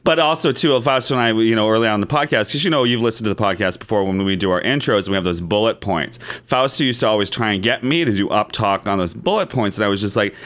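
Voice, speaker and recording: Low-voiced male podcast co-host. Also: fairly bright tone. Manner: conversational, reads notes aloud deliberately. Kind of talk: casual podcast chat.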